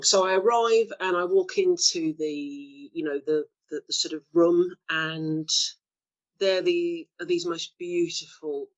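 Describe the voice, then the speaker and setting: A middle-aged woman telling stories as an interview guest, acting out the quotes with lively shifts of voice and frequent laughs. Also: lowish voice, unhurried, dull audio. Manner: lively storyteller, acts out quotes, laughs often. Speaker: actor being interviewed. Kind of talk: anecdotal interview chat.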